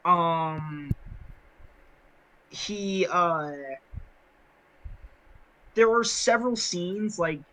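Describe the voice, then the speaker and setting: A man's voice: high voice, drawn-out words, long pauses, pushed and bright, poor audio. A man co-hosting a casual podcast chat, rambling with many fillers and restarts. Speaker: podcast co-host.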